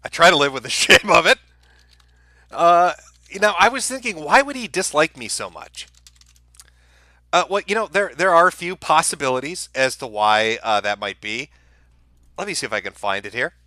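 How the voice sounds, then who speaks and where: A man's voice: fairly high pitch, animated, moderate pace, long pauses, sharp tone, no room sound. A man hosting a live-stream commentary, ranting in a heated, profane and sarcastic way. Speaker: streamer host.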